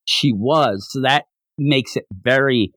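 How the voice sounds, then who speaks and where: A man co-hosting a casual podcast chat, animated, often slipping into high put-on voices to act out character lines. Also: takes it slowly, no room sound, studio quality. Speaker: podcast co-host reviewing an anime.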